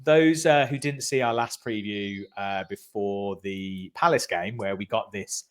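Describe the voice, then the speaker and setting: A man's voice: fairly low pitch, measured pace, clean tone. A man co-hosting a fan channel, chatting casually about football and reading out club news with frequent laughs.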